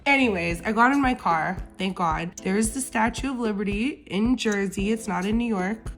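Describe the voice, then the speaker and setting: A young woman from Canada, chatting excitedly in a casual travel vlog, her voice a little tired. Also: mid-range voice, moderate pace, few pauses, soft background music. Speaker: beauty vlogger.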